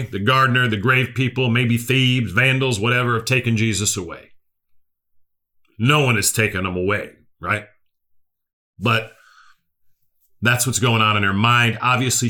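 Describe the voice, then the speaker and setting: Guy preaching a sermon, earnest, repeats himself for emphasis, bright clear voice, middle pitch. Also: measured pace. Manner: earnest, repeats key phrases, asks the listeners questions.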